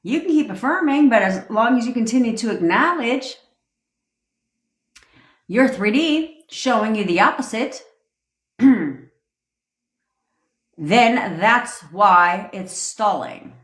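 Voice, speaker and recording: A woman's voice: on the high side, lively intonation, slow pace, pauses often, a bit bright. A woman coaching manifestation in a livestream rant, blunt and full of swearing as she lectures her viewers. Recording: roomy echo.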